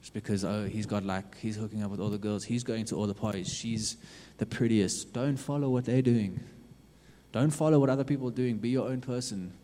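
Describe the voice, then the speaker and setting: A man preaching a sermon in a low, mellow voice. He urges his listeners earnestly and repeats himself, dropping to a hush and then swelling up again. His words ring out with the long reverb of a large hall. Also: a little fast, slight background noise. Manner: earnest, repetitive urging with sudden loud and hushed swings. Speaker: youth preacher.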